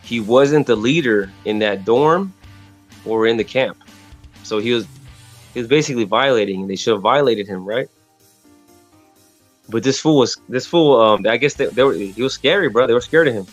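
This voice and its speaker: A man's voice: medium pitch, normal speed, long pauses, faint music behind. A man from Texas telling a story in casual, slangy podcast chat, rambling with frequent restarts.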